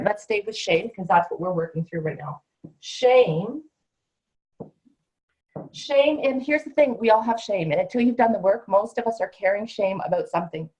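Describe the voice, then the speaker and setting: A woman's voice: mid-range voice, expressive, moderate pace, rough recording. A middle-aged woman coach teaching a certification class in a conversational, emphatic way, sometimes acting out what her clients say. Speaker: coach trainer.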